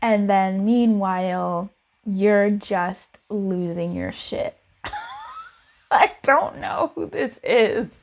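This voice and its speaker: A woman's voice: mid-range voice, lively intonation, extremely slow. A woman giving a casual tarot reading in a chatty, giggly, playful way. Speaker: tarot reader.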